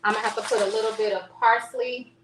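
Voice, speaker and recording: A woman's voice: fairly high pitch, steady tone, fast talker, background noise. A woman in her thirties hosting a casual live cooking stream from her home kitchen, chatting straight to her viewers. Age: 30s. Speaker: home cooking show host.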